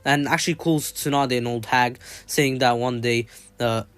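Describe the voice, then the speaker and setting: A man's voice: mid-range voice, steady tone, normal speed, fairly bright tone, smooth, dry recording. A man casually retelling an anime fan story, rambling with plenty of fillers and restarts.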